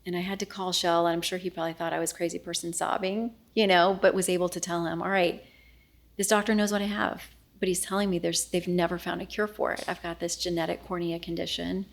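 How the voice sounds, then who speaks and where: A middle-aged woman, a news anchor, telling a personal story in an interview, earnest and often dropping to a hushed voice as she re-enacts what was said. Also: fairly low pitch, little pitch movement, quick pace, gravelly. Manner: earnest, reenacts dialogue, often drops to a hushed voice.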